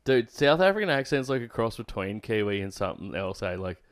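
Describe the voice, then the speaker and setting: Podcast co-host: Australian man, bouncy, animated pitch, dry close sound, swearing and laughing. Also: brisk, dry recording. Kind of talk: casual banter.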